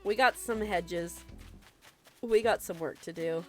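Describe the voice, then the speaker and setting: A woman's voice: on the low side, a little slow, pauses often, soft background music. A young woman with the hiccups, chatting casually and laughing often while streaming a video game. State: has the hiccups. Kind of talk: casual gameplay chat.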